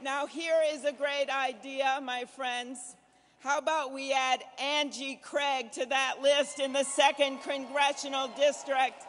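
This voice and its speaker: A middle-aged woman from Minnesota speaks at a podium microphone, landing punchy applause lines and then rattling off a quick anecdote. Her voice carries through a large banquet hall with a long, ringing reverb. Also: high voice, little pitch movement, a bit bright, a little hiss or hum. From Minnesota, USA. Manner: rousing, punchy applause lines with a repeated refrain, shifting to brisk anecdote. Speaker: senator giving a keynote. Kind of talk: political fundraiser dinner speech.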